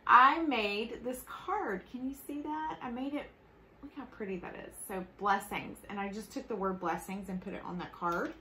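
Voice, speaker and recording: A woman's voice: medium pitch, fairly bright tone, slight background noise. Bubbly Southern woman hosting a craft demo. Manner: bubbly, chatty, laughs often. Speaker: host. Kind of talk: casual live craft demo. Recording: echoey room with faint ambience.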